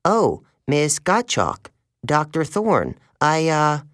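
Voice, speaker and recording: A man's voice: a little high, very animated, slow pace, fairly bright tone, no echo, studio quality, pitched above the performer's own voice, heavily acted. A man voicing a nervous teenage boy, breathless and stammering in a raised voice. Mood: flustered. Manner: flustered and stammering.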